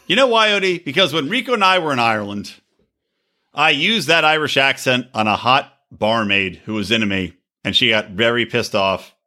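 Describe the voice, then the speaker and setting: Brief: middle-aged male co-host, sharp bright tone, animated, profane reality-TV banter. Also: medium pitch, moderate pace. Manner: animated, profane, jokey, puts on silly voices. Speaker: podcast co-host. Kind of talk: casual reality-TV recap chat.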